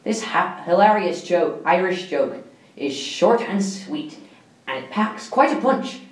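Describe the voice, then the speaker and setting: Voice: medium pitch, expressive, takes it slowly. Person reading off a joke countdown, trips over words now and then, sounds far from the mic in an echoey room. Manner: stumbles and restarts while reading. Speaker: joke reader.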